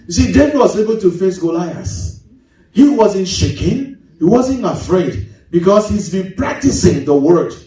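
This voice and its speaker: Male pastor, high voice, preaching, big swings in pitch, echoey church hall, mic far off. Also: warm tone. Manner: preaching with sudden pitch swings, mimicking congregants. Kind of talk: sermon.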